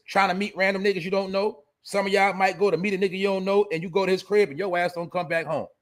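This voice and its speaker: A man hosting a show, giving blunt, profane, preachy commentary. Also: high-pitched. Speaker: show host. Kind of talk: casual commentary monologue.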